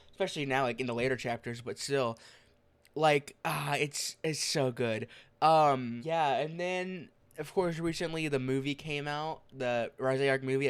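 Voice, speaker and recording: A man's voice: mid-range voice, clear, resonant tone. A tired young man rambling casually as a streamer, with a slight lisp from a sore tongue, full of fillers and restarts. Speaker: streamer vlogger.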